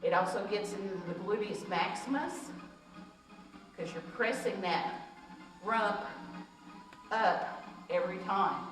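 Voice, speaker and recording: Lady teaching a belly dance workout, slow steady counting, sounds far off in a really echoey room with music going. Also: medium pitch. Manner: counts out moves and cues while demonstrating; jokey asides with laughs. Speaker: fitness instructor. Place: recreation center room.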